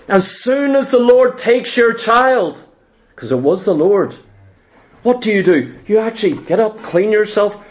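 A man's voice: high voice, animated, measured pace. A man preaching a sermon, retelling scripture stories dramatically and acting out the quoted voices.

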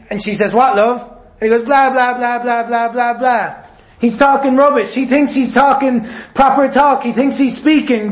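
A man preaching a sermon, forceful and repetitive, sometimes mimicking voices. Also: very high voice. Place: church hall. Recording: echoey room.

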